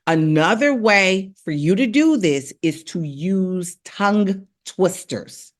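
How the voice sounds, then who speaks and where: A woman coaching voice in a relaxed live stream, talking straight to her viewers. She repeats her points, checks in often and drops into quick rap lines and tongue twisters to show the drills. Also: on the low side. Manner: encouraging, repetitive, rapping drills aloud. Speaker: vocal coach.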